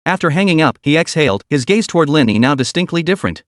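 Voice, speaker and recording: A man narrating a dramatic comic story in a scripted, expressive style. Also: a little high, fast talker, few pauses, no echo, clean studio sound.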